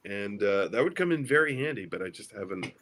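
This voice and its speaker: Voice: sits low, animated, a little fast, a bit bright. A guest chatting casually, playful and teasing. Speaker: guest friend. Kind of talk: casual chat.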